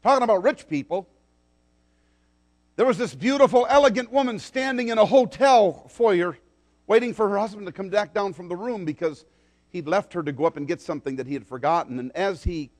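A man preaching a sermon, dramatic and swinging between loud declarations and soft, low asides. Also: fairly quick.

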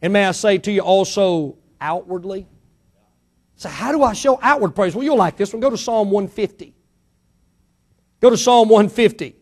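A middle-aged man preaching a sermon to his church, emphatic, swinging between loud build-ups and quiet asides, full of rhetorical questions. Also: high-pitched, expressive, normal speed, pauses often. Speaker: pastor.

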